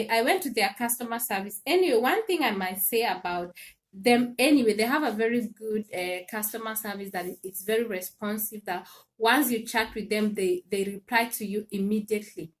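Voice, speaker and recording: A woman hosting a casual livestream, telling an animated story with laughs and repeated phrases. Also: a little high. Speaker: live stream host. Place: home in Sweden.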